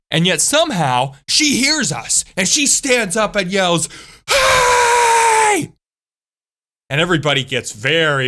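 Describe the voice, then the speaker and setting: Animated woman telling a school story. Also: lowish voice. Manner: animated, chatty storytelling with asides. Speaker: channel host. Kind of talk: storytime vlog.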